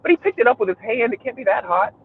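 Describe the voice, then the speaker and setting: A man's voice: extremely high pitch, rapid-fire, narrow, tinny audio, slight background noise. A man hosting a podcast, telling rambling, crude stories in a casual chat and laughing often. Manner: rambling storyteller, crude jokes, laughs a lot. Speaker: podcast host.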